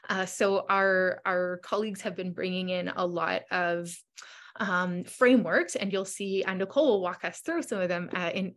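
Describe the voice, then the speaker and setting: A woman talking as a panelist in a discussion, articulate, with frequent fillers. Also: mid-range voice.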